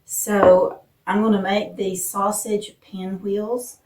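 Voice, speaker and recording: A woman from Appalachia hosting a casual cooking vlog in her home kitchen, chatting homey with fillers, her voice a bit rough from morning. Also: mid-range voice, level tone, slow, a little mellow, a little hiss or hum. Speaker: vlog host. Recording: roomy echo, distant mic.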